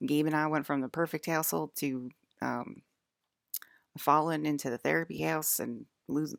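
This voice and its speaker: Low, very gravelly woman vlogger. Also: no echo, clean studio sound. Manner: emphatic, repeats herself, addresses viewers directly. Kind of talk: rambling casual monologue to viewers.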